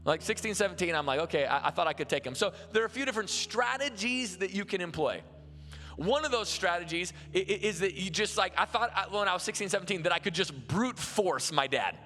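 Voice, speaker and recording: A man's voice: sits high, fairly quick, long reverb tail, a little hiss or hum. A man preaching a sermon as pastor, telling stories in a loose, conversational way with lots of restarts, recorded live in a large church. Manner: conversational, animated storytelling with many restarts.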